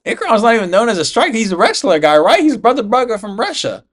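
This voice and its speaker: A man's voice: high-pitched, big pitch swings, fast. Slangy, cussing man reacting to fights. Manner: slangy, profane, says "bro" constantly. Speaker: MMA YouTuber. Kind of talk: casual fight reaction commentary.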